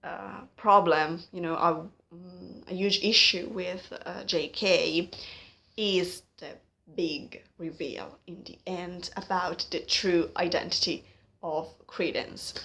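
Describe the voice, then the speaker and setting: A woman's voice: fairly low pitch, steady tone, takes it slowly, vocal fry, pushed and bright. A woman vlogging her opinions casually, hesitant and full of fillers as she searches for words, sounding frustrated and critical.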